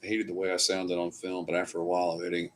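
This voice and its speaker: Easygoing man, lowish voice. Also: monotone, fast, a bit bright. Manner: loose, rambling, swears casually. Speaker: livestream host. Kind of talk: casual live chat reading comments.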